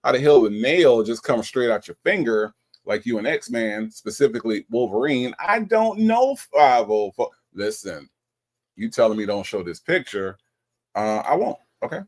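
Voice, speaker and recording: A man hosting a casual livestream, reading viewer comments aloud and teasing them with an animated manner and features. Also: fairly low pitch, moderate pace. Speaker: livestream host reading chat.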